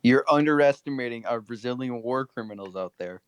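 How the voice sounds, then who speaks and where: Young man, mid voice, podcast co-host, deadpan jokes. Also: mid-range voice, brisk, clean tone, no room sound. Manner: deadpan, jokey. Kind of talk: casual chat.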